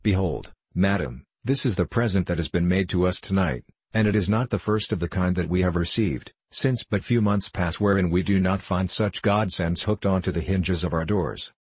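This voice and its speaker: A man voicing a courteous nobleman in an audiobook reading, with a husky voice. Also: deep voice, normal speed, few pauses, no room sound.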